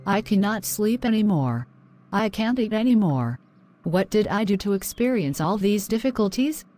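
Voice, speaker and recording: A woman voicing a young married wife in an animated drama, pleading and worn down. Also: mid-range voice, normal speed, soft background music, lightly acted.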